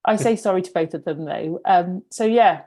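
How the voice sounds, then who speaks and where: A woman's voice: on the low side, moderate pace, mellow. A middle-aged woman, a coach and podcast guest, chatting casually in a self-deprecating way. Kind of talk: casual chat.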